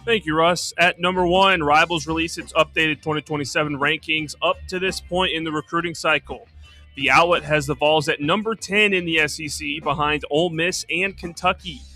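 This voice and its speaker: Guy reading sports headlines, bright sharp voice, kinda high. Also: steady tone, normal speed, no echo, faint music behind. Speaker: sports radio co-host reading news items.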